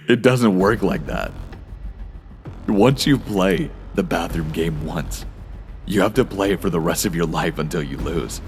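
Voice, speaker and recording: Gravelly, taunting drain monster. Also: male voice, a little mellow, slight background noise. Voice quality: deep and gravelly. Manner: slow, taunting and menacing. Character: slimy spider-legged bathroom monster, cruel and mocking. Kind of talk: horror story voice acting.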